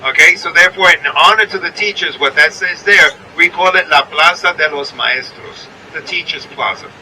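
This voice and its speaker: A man's voice: a little high, moderate pace, sharp tone, recorded from a distance, slight background noise, low-quality recording. A man with a New York accent guiding a bus tour, chatty and checking in with his listeners as he points out sights from a moving vehicle. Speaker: tour guide. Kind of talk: guided bus tour narration.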